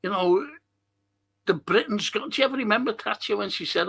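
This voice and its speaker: A man's voice: high-pitched, normal speed, gravelly, a bit bright, breathy edge. A middle-aged man with a Liverpool accent hosting a live talk stream, rambling in a blunt, indignant monologue and swearing freely. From England. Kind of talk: rambling monologue reading viewer comments.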